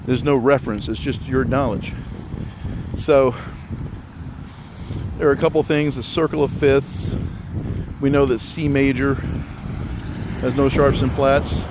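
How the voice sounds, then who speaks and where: A man giving a casual music theory lesson, explaining step by step in a relaxed, rambling way and sounding slightly out of breath. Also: medium pitch, unhurried, long pauses, background noise.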